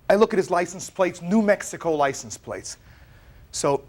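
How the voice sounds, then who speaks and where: On a TV courtroom show, a plaintiff with a fairly high voice gives his side of the story. He's animated and tumbles over his words, repeating himself as he rushes through it.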